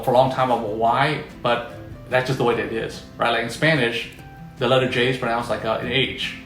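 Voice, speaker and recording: A man's voice: mid-range voice, fairly bright tone. Patient man teaching in an echoey room. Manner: patient, often checks in with "all right?" and "okay?". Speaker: language teacher. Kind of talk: casual explanatory lesson.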